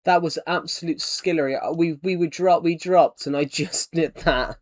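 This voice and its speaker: An English man streaming a game and talking to his chat in a loose, rambling way. His voice sits a bit high, and he keeps repeating and restarting phrases as he reacts. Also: steady tone, normal speed, dry recording. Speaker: gaming live streamer. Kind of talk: casual live-stream chat.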